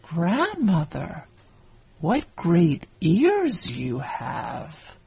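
Innocent little storybook girl asking slow and wondering, read by a lady, low and very slow. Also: wildly swooping pitch, vocal fry, dark tone, breathy edge, dry recording, dull audio, full character voice.

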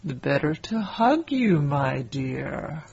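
A woman voicing a sly wicked male wolf disguised as a grandmother, speaking in a muffled voice, quicker and higher than her narration. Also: very animated, gravelly, darkish tone, slightly rough, exaggerated voice.

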